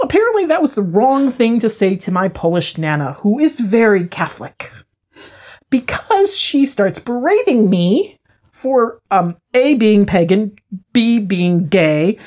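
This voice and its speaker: Animated woman telling a story on a podcast. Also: medium pitch, husky, highs cut off. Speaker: podcast co-host.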